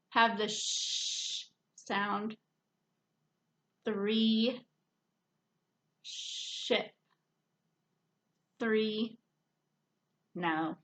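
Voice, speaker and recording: Slow, sing-song children's librarian woman. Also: a little high. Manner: slow, sing-song teacher voice, drawn-out words, hushed shushing. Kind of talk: story hour phonics lesson for kids.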